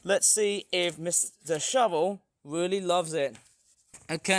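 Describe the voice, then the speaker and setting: Excitable high-voiced man smashing toys. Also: moderate pace. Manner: excitable, chatty, bursts into whoops and laughs. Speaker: toy reviewer. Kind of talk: casual toy-smashing vlog. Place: outdoors on a hot day.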